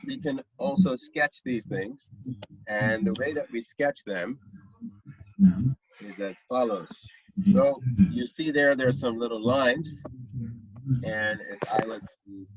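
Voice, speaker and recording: A man's voice: mid-range voice, slight background noise. A young man teaching a math lesson online, often checking that his students follow. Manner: patient, checks understanding often. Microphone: computer mic on a video call. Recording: dull, lo-fi video call audio.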